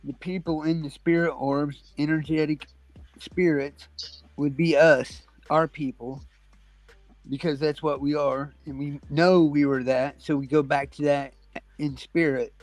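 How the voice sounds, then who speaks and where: Man musing slowly in casual chat. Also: on the high side, steady tone. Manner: reflective, hedging, talks about spirit beliefs.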